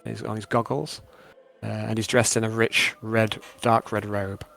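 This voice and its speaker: A man's voice: lowish voice, little pitch movement, a little slow, vocal fry, fairly bright tone, soft background music. A man running a tabletop game as game master, narrating scenes in a descriptive way with many fillers.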